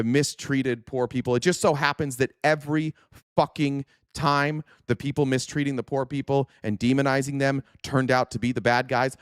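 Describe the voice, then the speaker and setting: A man's voice: medium pitch, no echo, studio quality. A man hosting a political talk stream, ranting angrily with heavy profanity and sarcastic mock quotes while answering chat comments. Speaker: political talk show host.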